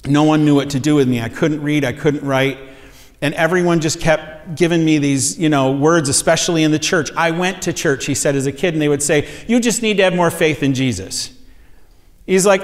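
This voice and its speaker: A man's voice: fairly high pitch, moderate pace. A man preaching a sermon, telling a story earnestly and lifting his voice for emphasis. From USA. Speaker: pastor teaching a series. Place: church sanctuary. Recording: long hall reverb.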